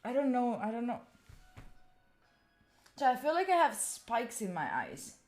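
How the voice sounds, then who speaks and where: On the high side, her pitch swoops wildly, and she talks a little slowly with a somewhat mellow voice over soft background music. She's a live streamer from Italy, a native Italian speaker, chatting to viewers and chat while thinking aloud during setup.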